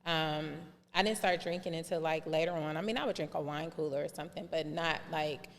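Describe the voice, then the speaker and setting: A woman with a fairly low voice tells her life story on a podcast and acts out every quoted line. The room adds a long, hanging reverb, and faint ambient noise sits under her words. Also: a little fast. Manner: animated storyteller who acts out quoted dialogue. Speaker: podcast guest.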